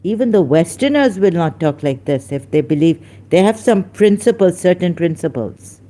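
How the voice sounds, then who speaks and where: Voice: mid-range voice, lively intonation, moderate pace, warm tone. A speaker hosting a heated religious debate, scolding a caller with emphatic rhetorical questions and sounding angry. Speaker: online debate host.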